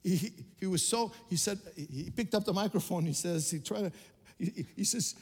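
An older male pastor from Quebec preaches a sermon in a church sanctuary, his high, slightly rough voice moving a little fast. His passion rises to near shouts, with many restarts, in a reverberant hall with music behind him.

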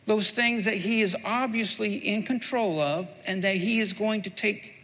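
A man preaches in a raised, gravelly voice with a bright, forceful edge. He is earnest and circles back over his key phrases to drive them home. His words ring out with the long reverb of a big hall. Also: high voice, normal speed. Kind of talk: sermon with prayer.

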